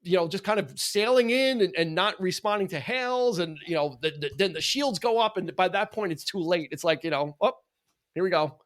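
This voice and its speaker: A man's voice: high-pitched, a little fast, few pauses, a bit bright. A man in casual podcast chat about a film, rambling with many fillers and acting out quoted lines. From New York area. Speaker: podcast guest.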